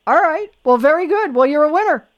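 A man's voice: extremely high pitch, animated, brisk, dull audio. A man hosting a call-in trivia radio show in a chatty, casual way, full of fillers and restarts. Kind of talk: casual live radio chat.

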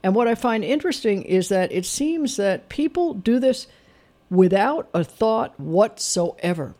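A man's voice: sits high, animated, measured pace, darkish tone. An older radio host talks straight into a studio mic, spinning an everyday errand into a wry, opinionated monologue. His delivery is conversational and easygoing, with a few fillers as he thinks aloud.

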